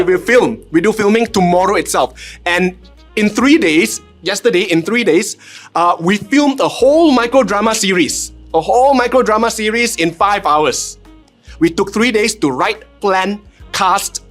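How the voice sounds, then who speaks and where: Malaysian man, animated storyteller, slightly high voice. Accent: Malaysian English. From Penang, Malaysia. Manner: animated storytelling with frequent "lah" tags and self-deprecating jokes. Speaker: content creator, panel guest. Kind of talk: casual panel talk.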